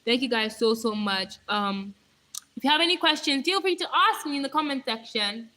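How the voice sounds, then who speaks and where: A young woman chatting casually on her live stream, rambling playfully and answering viewer comments, her voice going hoarse. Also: sits high, lively intonation, normal speed, bright, forceful tone, low-quality recording.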